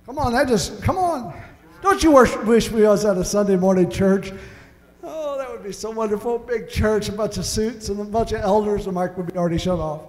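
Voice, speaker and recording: High voiced preacher guy, mocks whiny complainers, big echoey church hall. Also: a little fast. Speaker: pastor. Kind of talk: sermon.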